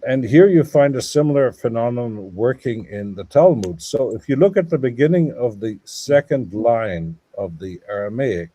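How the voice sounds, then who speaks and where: A man's voice: mid-range voice, warm tone, poor audio. A man speaking as a guest scholar in a live panel discussion, explaining at length in a digressive, lecturing way. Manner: mutters while searching for notes.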